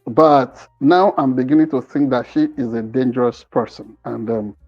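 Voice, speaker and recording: A man giving opinionated commentary as a co-host, hesitant and filling pauses while he searches for words. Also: medium pitch, steady tone, muffled recording, faint music behind. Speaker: news commentator.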